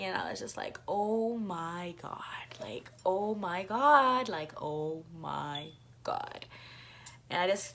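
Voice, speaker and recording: A woman's voice: fairly low pitch, bright, forceful tone. Young woman, casual storytime vlogger; chatty, lots of swearing, acts out other people's lines. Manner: chatty, swears a lot, acts out voices in quotes.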